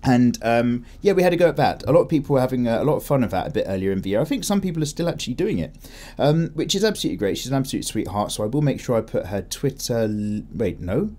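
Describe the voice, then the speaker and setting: Chatty man with lively pitch. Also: quick pace. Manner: chatty, rambling, self-correcting with laughs. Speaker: art channel host. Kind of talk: casual chat while drawing.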